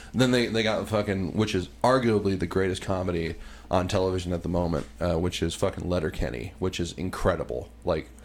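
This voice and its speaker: A man's voice: low voice, a little mellow. A man co-hosting a podcast in casual comedic chat, swearing freely, laughing often and reading out stories in an offhand way. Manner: profane, laughing, puts on silly voices. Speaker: podcast co-host. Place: home room, smoking while recording.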